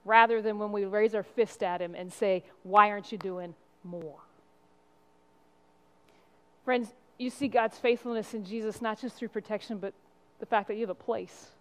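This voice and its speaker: A woman's voice: mid-range voice, fairly even intonation, a little fast, clear, resonant tone. A woman pastor giving a sermon in an earnest, conversational preaching style. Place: church sanctuary. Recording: long reverb of a church hall.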